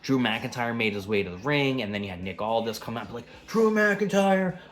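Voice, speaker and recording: A man's voice: lowish voice, fast talker, fairly bright tone. Rambling, profane man recapping wrestling.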